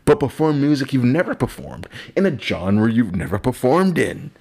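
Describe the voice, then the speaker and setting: A man's voice: mid-range voice, sing-song, normal speed, creaky, a little mellow, slightly rough. A man, a vlogger and comedian, drinking and rambling in a profane, self-mocking monologue. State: drinking alcohol.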